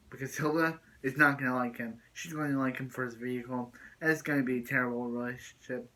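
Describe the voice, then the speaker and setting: A man's voice: medium pitch, steady tone, a little fast, pushed and bright, poor audio. A man giving a casual, rambling spoken recap of a TV episode as a video reviewer, often repeating and restarting his phrases.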